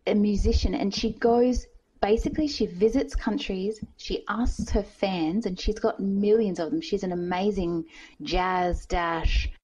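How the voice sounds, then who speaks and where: A woman's voice: medium pitch, steady tone, unhurried, warm tone, breathy edge. A woman podcast host in casual interview chat, earnest and thinking aloud. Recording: dull lo-fi recording.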